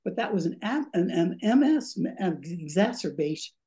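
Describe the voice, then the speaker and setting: Animated older man, breathless storyteller. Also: high-pitched, normal speed. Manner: animated, acts out voices in his stories. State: short of breath. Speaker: guest, former radio DJ. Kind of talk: storytelling in a podcast interview.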